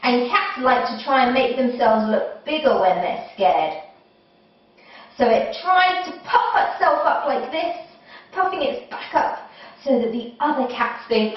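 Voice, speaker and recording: A woman's voice: high voice, expressive, unhurried, far from the mic. A young woman leading a children's yoga class, playful and encouraging, making animal noises as she goes. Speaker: kids' yoga teacher. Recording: echoey room, mic set back, dull sound.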